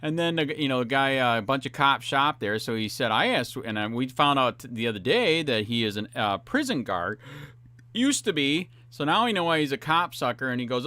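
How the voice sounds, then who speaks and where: A man's voice: mid-range voice, big pitch swings, moderate pace, sharp tone, dry recording. A man hosting a cop watch vlog, ranting in a profane, rambling way full of fillers as he grows heated. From Florida. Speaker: cop watch channel host.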